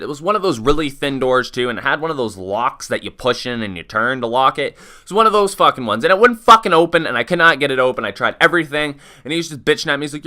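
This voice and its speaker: A man's voice: mid-range voice, quick pace, few pauses. A young man telling a story in a casual vlog, swearing freely and acting out what was said. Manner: profane, animated retelling with many quoted asides. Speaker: vlogger.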